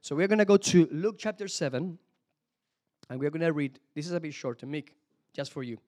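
A man preaching a sermon, animated, calling out hallelujah and praise the Lord between points. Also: on the high side, brisk. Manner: animated, exclamations of hallelujah, some restarts.

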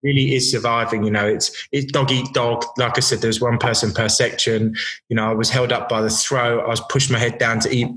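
A man's voice: mid-range voice, little pitch movement, a little fast, a bit bright. A man in his thirties, a chef, telling kitchen stories in casual podcast chat, blunt and swearing freely with many restarts. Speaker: chef guest. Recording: roomy echo.

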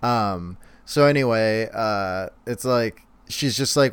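Slow, smooth-voiced man recapping a cartoon. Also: on the low side, steady tone, no room sound. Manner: unhurried, filler-heavy. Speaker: podcast co-host. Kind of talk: casual episode recap.

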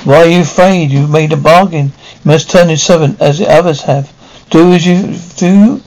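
A man's voice: a little high, normal speed, darkish tone, natural voice, poor audio. A man reading the part of an ancient snake god of the dead, coaxing and commanding.

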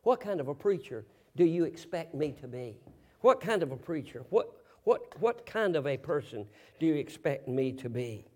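A man preaching a sermon, telling a story in a folksy way, asking rhetorical questions and bursting into loud, emphatic shouts. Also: on the high side, big pitch swings, moderate pace.

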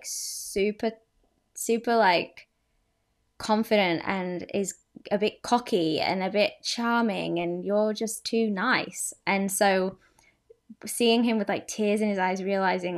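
A young woman in her twenties hosting a podcast, telling a confessional story in a chatty, self-deprecating way with many fillers and asides. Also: medium pitch. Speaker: podcast host. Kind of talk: candid confessional podcast monologue.

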